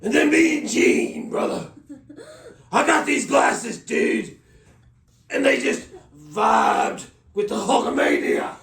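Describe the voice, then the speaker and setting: A man putting on a loud, pumped-up wrestler impression, shouting catchphrases and calling everyone brother, in a roomy off-mic recording. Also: extremely high pitch, expressive, takes it slowly, gravelly, recorded from a distance, pitched above the performer's own voice, full character voice.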